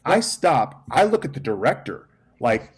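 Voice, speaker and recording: This podcast guest, a man in his forties from Texas, has a medium-pitched, sing-song voice with a breathy edge and a measured pace. In casual storytelling, he performs others' dialogue and repeats phrases for emphasis.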